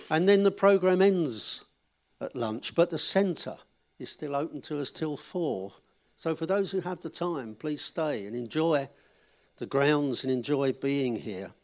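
A man giving notices at a church gathering and then telling a short joke, in a chatty, friendly way. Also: a little high. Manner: chatty, friendly announcer, joking with the audience. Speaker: event leader giving notices.

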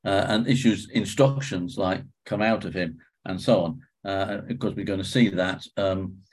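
A man leading a Bible study group discussion, talking with frequent ums, restarts and throat-clearing. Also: low-pitched, moderate pace.

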